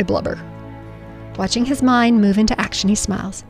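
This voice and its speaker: A woman's voice: mid-range voice, steady tone, moderate pace, long pauses, faint music behind. A middle-aged woman reading her own personal story aloud in an earnest, emotional way. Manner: emotional, earnest storytelling with spoken sound effects. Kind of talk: personal memoir narration.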